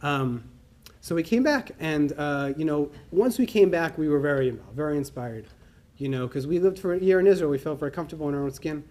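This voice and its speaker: A middle-aged man telling a personal story to a conference audience, acting out the dialogue in an animated way. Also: fairly high pitch, quick pace. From New York. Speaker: conference speaker. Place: conference hall.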